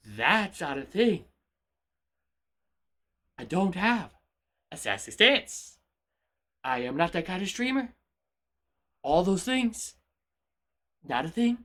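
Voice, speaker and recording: High-voiced bright playful male streamer. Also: very animated, slow, long pauses. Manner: playful, mock-indignant protests to chat; stammering repetitions. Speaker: VTuber streamer. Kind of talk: live gaming stream chat.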